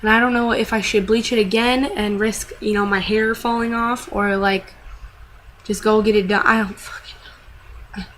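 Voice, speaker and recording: A woman's voice: medium pitch, level tone, moderate pace, a bit bright, slight background noise, low-quality recording. A young woman vlogging casually, rambling and venting with frequent swearing and self-deprecating asides.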